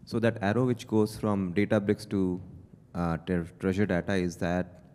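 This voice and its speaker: A man's voice: deep voice, flat delivery, normal speed, darkish tone, slight background noise. A man in a conference audience asks a question, hesitating and restarting as he thinks aloud. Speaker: audience member asking a question. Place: conference hall. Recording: long hall reverb.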